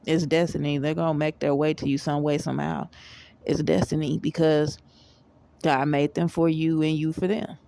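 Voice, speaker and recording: A woman's voice: low voice, level tone, normal speed, gravelly, mellow, no room sound. A woman vlogger giving a casual motivational monologue in a rambling, repetitive, emphatic way.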